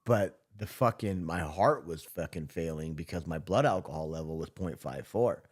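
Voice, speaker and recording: A man recounting a past drinking episode as an interview guest, profane and rambling, laughing through dark moments. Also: low voice, expressive, moderate pace, breathy edge. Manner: profane, rambling, many restarts. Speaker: podcast guest. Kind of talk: casual storytelling interview.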